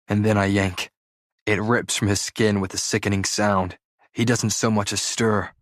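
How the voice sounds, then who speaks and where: Low-voiced man narrating an audiobook. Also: level tone, normal speed, dry recording, clean studio sound. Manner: dramatic, urgent storytelling with acted dialogue. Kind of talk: first-person audiobook narration.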